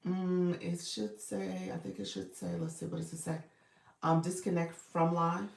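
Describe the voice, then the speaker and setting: A woman's voice: fairly low pitch, steady tone, moderate pace, vocal fry, darkish tone, roomy sound, recorded from a distance, a little hiss or hum. A woman coaching viewers on a casual livestream, upbeat and chatty, greeting people by name.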